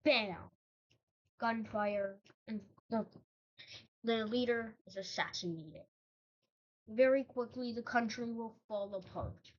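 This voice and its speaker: Woman, casual map narration, hesitant, lots of ums and self-corrections, slow delivery, dull lo-fi recording. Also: fairly high pitch.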